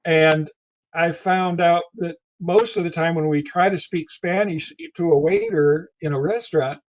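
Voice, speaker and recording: A man's voice: on the high side, steady tone, a little slow, dull audio. A man with a Southern Tennessee accent, a guest in a casual interview, who rambles and often repeats his words.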